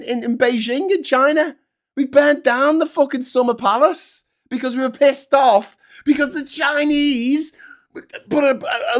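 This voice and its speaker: A man hosting a heated, sweary monologue, often stumbling over words and restarting. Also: very high-pitched. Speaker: host. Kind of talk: ranting monologue.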